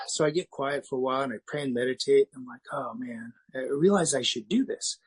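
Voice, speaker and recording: A man's voice: mid-range voice, animated, brisk, slightly rough, poor audio. A middle-aged man from the United States speaking as a recovery meeting speaker, in a candid, self-mocking personal talk with frequent restarts.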